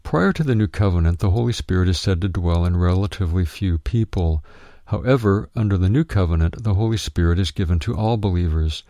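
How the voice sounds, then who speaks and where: Deep gravelly man reading a Bible study. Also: mellow, no echo, studio quality. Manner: measured reading, citing verse references aloud. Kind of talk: scripted narration of a written teaching.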